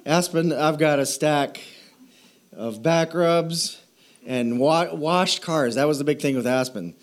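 A man's voice: a little high, slow pace. A man preaching a sermon in a chatty way, with laughing asides and questions to his listeners. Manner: asks the audience questions. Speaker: pastor.

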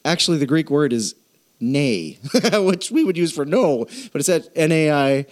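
A male pastor delivers a lively sermon in a notably high voice. His pitch leaps and dips constantly as he builds to emphatic, shouted affirmations, speaking to a church congregation. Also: moderate pace. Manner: animated, emphatic preaching with sudden shouted yeses.

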